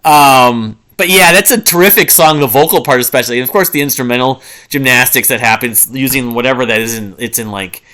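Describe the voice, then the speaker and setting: Man, forties, music reviewer; bright, forward tone, rambling and enthusiastic, hums riffs. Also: medium pitch, brisk, hardly any pauses. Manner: rambling and enthusiastic, many fillers and restarts; hums and sings riffs to illustrate. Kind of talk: casual album review monologue.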